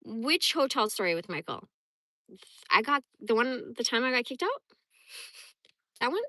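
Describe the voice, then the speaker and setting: A woman in her forties livestreams casually, answering chat and spinning blunt, profane stories with lively energy. Her voice sits a bit high and sounds bright and forceful, recorded close and dry with no room sound. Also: measured pace, dry recording. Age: 40s. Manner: blunt, profane, animated storytelling. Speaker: livestream host.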